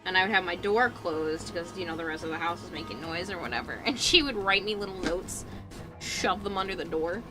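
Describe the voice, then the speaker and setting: A woman's voice: lowish voice, fairly quick. A young adult woman livestreaming in casual chat while she works on a cosplay, telling stories, laughing and swearing freely. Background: music playing.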